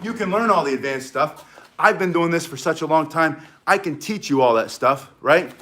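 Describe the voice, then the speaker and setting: A slightly hoarse man teaching self-defense to a live group, excitable and rambling as he demonstrates. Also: fairly high pitch, normal speed, a little hiss or hum.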